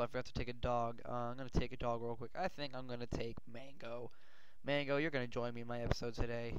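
A male gaming host giving rambling gameplay commentary, often yelling and swearing in panic. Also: medium pitch, background noise. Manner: rambling, excitable, yells and swears when panicked. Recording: dull lo-fi mic.

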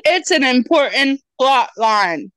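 A woman's voice: high voice, sing-song, slow pace, fairly bright tone, dry recording. A woman co-hosting a podcast who drops dry, wry comments into the casual banter. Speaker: podcast co-host.

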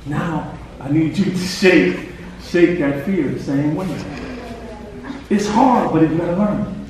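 A man's voice: on the high side, slow pace. A man coaching a boy in a hands-on faith session, urgent and encouraging, pushing him on with short commands. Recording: echoey room, distant mic, noisy.

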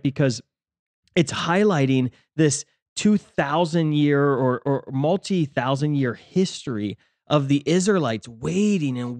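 This man co-hosts a faith podcast and leads a ministry, and his voice sits at medium pitch with a darkish tone on a dry recording. He talks reflectively in a casual faith discussion, with plenty of fillers and restarts.

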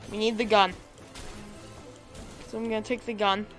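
A woman with a raspy, hoarse voice from being sick, giving chatty let's-play commentary, thinking aloud and bursting into excited cheers. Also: medium pitch, moderate pace, faint music behind. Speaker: gaming video creator.

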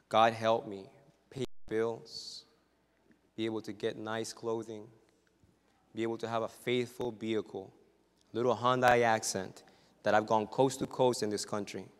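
A male pastor preaching a sermon. His delivery is dramatic and full of humorous stories, and it swings from hushed asides to loud exclamations. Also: lowish voice, smooth. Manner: humorous storytelling. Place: church sanctuary. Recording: reverberant church hall.

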